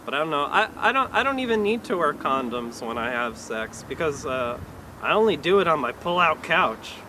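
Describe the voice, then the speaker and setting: A man performs stand-up at a live venue, his voice sitting a touch high. He delivers each line awkwardly and deadpan, hedging with fillers. The recording carries clear background noise. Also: moderate pace. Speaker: stand-up comedian. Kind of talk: stand-up comedy set.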